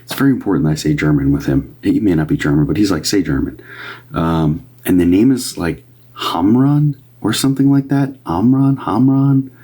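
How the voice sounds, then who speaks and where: A man's voice: low-pitched, lively intonation, fast, hardly any pauses, mellow, breathy edge. A man doing live medium readings on a stream, talking casually and rambling with many fillers and restarts. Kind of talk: casual livestream talk.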